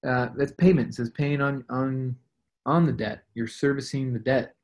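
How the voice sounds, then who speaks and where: A man's voice: mid-range voice, steady tone, normal speed, darkish tone. A man leading a team call as a real estate investing coach, talking conversationally and acting out sample conversations. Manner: conversational, acts out sample dialogues.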